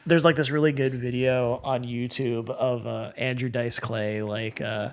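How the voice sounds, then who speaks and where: A man co-hosting a podcast in casual chat, laughing often and breaking into loud jokey bursts. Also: medium pitch, flat delivery, a little slow. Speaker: podcast co-host.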